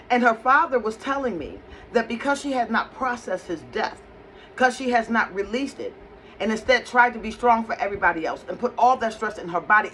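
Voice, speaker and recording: A woman working as a psychic medium, telling a personal story in a conversational, animated way. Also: mid-range voice, a little hiss or hum, low-quality recording. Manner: conversational, animated retelling with acted quotes.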